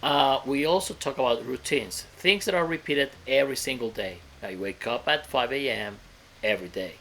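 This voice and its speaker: Man, English teacher, grammar lesson, gravelly voice, mid pitch, checks in with "okay?". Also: normal speed, fairly bright tone, slight background noise. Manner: explains step by step, often checks in with "okay?".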